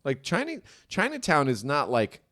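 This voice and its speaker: A man's voice: fairly high pitch, huge pitch swings, normal speed, sharp tone. A young man co-hosting a comedy podcast, chatting casually and rambling with lots of "like.". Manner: rambling, heavy use of "like". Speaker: podcast co-host.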